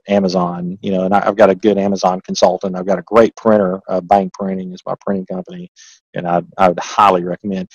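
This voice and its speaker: Speaking as a guest in a casual interview, this Southern man, an author and accountant, rambles folksily, restarting often and pressing hard on his points. His voice sits low, and the low-quality recording has no room sound.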